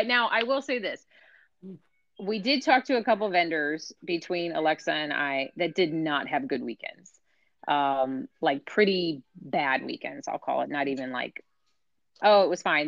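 A woman's voice: deep voice, moderate pace, gravelly, no echo, dull audio. A woman on a podcast panel, chatting casually and explaining things as she thinks aloud.

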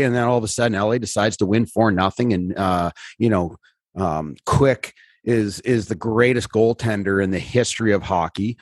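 A man with a husky, slightly breathy voice, caught up in a casual sports rant. He sounds exasperated and swears freely, and his pitch shoots up when he gets fired up. The sound is dry and close. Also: normal speed, dry recording. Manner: exasperated rants, swearing, voice jumping high when worked up. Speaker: podcast co-host.

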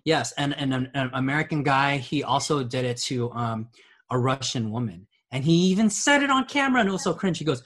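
Brief: man, husky voice, animated co-host in casual talk, emphatic outbursts. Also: mid-range voice, brisk. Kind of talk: casual chat.

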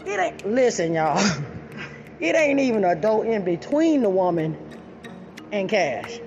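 A woman telling a story in a loud, profane, animated rant. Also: mid-range voice, slow, long pauses, highs cut off, music in the background. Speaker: storyteller vlogger.

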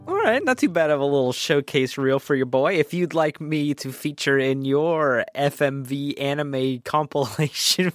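A man co-hosting a casual movie podcast, laughing often and slipping into goofy impressions. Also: on the high side. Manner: playful, laughs often, drops into goofy character voices. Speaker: podcast co-host.

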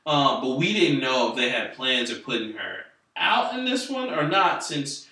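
A man's voice: mid-range voice, normal speed. A man co-hosting a casual podcast chat, talking animatedly and laughing often. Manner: animated, laughing, acts out quotes. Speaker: podcast co-host. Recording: echoey room, distant mic, faint noise.

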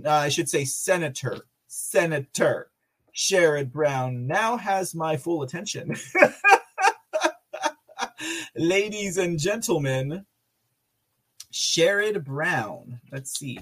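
A man's voice: on the high side, takes it slowly. A man hosting a political commentary podcast, sarcastic and often laughing. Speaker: podcast host.

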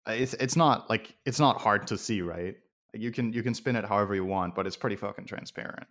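A man's voice: lowish voice, brisk, fairly bright tone. A man from Denmark on a casual stream chat, blunt and opinionated, swearing freely.

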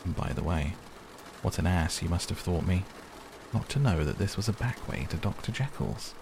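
A man voicing a brisk, matter-of-fact gentleman friend with a wry edge. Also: deep voice, creaky, noisy background. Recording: steady rain sounds behind.

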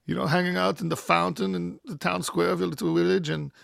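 A man puts on a hard-living German man around fifty with a heavy German accent. The voice is gravelly and bright, delivered in a slow, deadpan drawl. The recording is close and dry. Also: sits high, dry recording, voice pushed up, exaggerated voice. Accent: German (put on). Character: gruff middle-aged German man, menacing deadpan.

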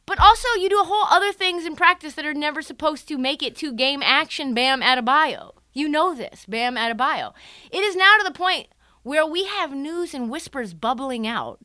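A woman's voice: high-pitched, expressive, normal speed, sharp tone, no echo, studio quality. A woman ranting through sports commentary with a sarcastic, profane edge, acting out the people she quotes. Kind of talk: animated sports commentary rant.

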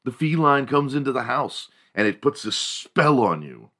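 A man hosting a podcast, telling a casual comedic monologue in a profane, animated way. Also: mid-range voice, moderate pace. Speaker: podcast host.

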